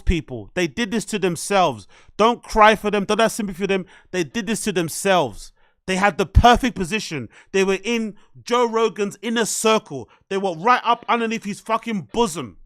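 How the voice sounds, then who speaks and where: A man hosting a live reaction stream, excitable and swearing often as he laughs along. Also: sits high, no echo, studio quality. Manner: excitable, swears heavily, laughs at own remarks. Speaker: streamer host.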